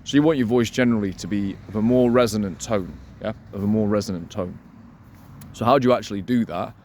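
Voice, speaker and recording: A man coaching listeners on voice and delivery, energetic and emphatic, repeating his key points and slowing down to demonstrate. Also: slight background noise. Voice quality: resonant voice. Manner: deliberately slows and lowers voice to demonstrate. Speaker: dating coach. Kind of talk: instructional talk to camera.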